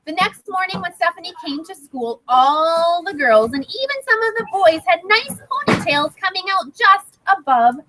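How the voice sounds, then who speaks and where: Animated woman teacher at storytime. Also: very high-pitched, normal speed, hardly any pauses, poor audio. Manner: animated, coaxing children to join in. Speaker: teacher reading to first graders. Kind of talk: read-aloud storytime. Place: classroom.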